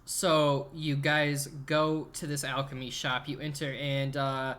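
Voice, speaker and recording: Game master guy, slow and halting, bright lively voice. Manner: halting, hesitant narration with lively swings in pitch. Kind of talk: narrating a tabletop game.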